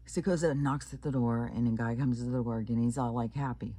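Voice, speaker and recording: A man's voice: medium pitch, fairly even intonation, quick pace, mellow, slightly rough. A man from Kansas casually telling a creepy anecdote, rambling with many fillers and restarts. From Kansas, United States. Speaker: channel host. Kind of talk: casual storytelling.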